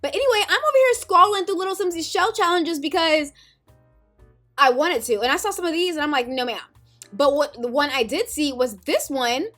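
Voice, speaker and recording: A high-pitched woman vlogger greets her viewers with dramatic, playful slang. Her voice sits well above the usual range. Faint music plays under her talk. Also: a little fast, fairly bright tone. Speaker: YouTube host. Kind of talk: casual chat to camera.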